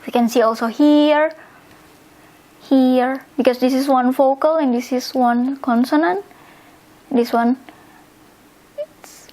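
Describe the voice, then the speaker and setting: Slow, high-voiced woman teaching vocabulary. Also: darkish tone, poor audio. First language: Indonesian. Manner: repeats words slowly, spells endings out. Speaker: language teacher. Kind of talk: slow instructional explanation.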